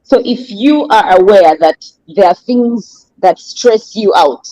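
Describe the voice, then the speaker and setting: A woman with an East African accent, a life coach co-hosting a casual discussion, explaining by acting out other people in a higher voice. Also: animated, slow pace, dark tone, poor audio.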